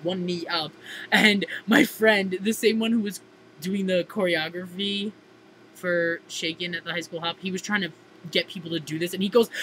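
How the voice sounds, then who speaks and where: A woman's voice: on the low side, a bit bright, slight background noise, rough recording. A teenage girl chatting casually in a diary-style vlog, gushing and theatrical, filling her talk with "like". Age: teens. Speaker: vlogger.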